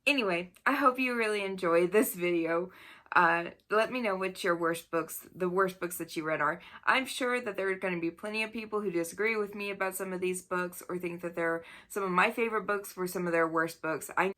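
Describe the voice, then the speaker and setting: A woman with a bright, forceful voice talks straight to the camera about books she disliked. She is blunt and exasperated and keeps breaking into laughter. Her delivery is casual and unscripted. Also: on the low side, brisk. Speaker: book reviewer. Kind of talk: casual video review.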